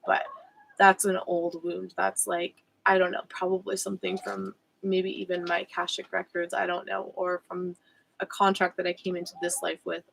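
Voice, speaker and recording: A woman's voice: lowish voice, gravelly, a bit bright, a little hiss or hum, low-quality recording. A woman speaking as a spiritual coach in a personal vlog, candid and reflective, with frequent fillers and self-corrections. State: emotional.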